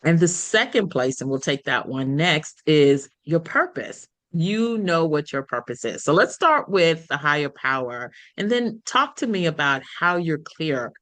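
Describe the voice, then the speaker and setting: A woman's voice: low-pitched, sing-song, a little slow, few pauses, a bit bright. A woman hosting an interview who affirms her guest's story and lays out the topics to explore next. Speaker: interview host. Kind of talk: interview questions.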